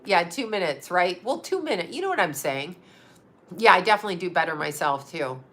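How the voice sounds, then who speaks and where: A woman's voice: medium pitch, bright, forceful tone. A middle-aged woman host in a candid casual chat, frank and bawdy, laughing often as she tells stories. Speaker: psychic medium and channel host.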